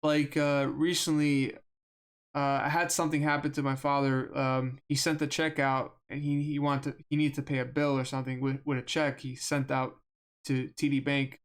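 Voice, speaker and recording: A young man live streaming a game, chatting casually in an earnest, halting way with lots of restarts and fillers at a desk microphone. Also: medium pitch, flat delivery, clean tone.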